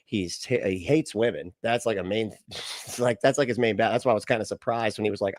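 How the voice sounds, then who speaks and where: A man's voice: fairly low pitch, fast talker, no room sound, clean studio sound. A male host giving casual, wry reaction commentary with rambling asides. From lives in Florida.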